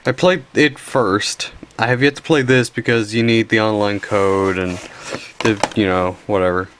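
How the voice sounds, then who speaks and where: A man's voice: lowish voice, fairly even intonation, normal speed, background noise. Sleepy young man rambling about games. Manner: rambling, tired, frequent yawns and restarts. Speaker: collection video host. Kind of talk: casual show-and-tell narration.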